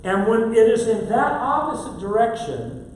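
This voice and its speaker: A man's voice: very high voice, big pitch swings, normal speed. A man teaching a church Bible class, explaining step by step and asking the class questions. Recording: very echoey room, faint hum.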